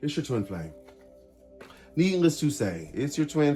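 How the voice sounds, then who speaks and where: Brief: male tarot reader, casual and emphatic, short card-by-card bursts, soft music underneath. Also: a little high, unhurried, pauses often. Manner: talks through cards in short bursts, animated and emphatic.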